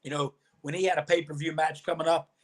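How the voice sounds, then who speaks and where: A man's voice: on the high side, fast talker. A middle-aged man, an interview guest and former wrestler, telling long stories and acting out what others said. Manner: animated storyteller, acts out quoted dialogue. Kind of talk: storytelling interview.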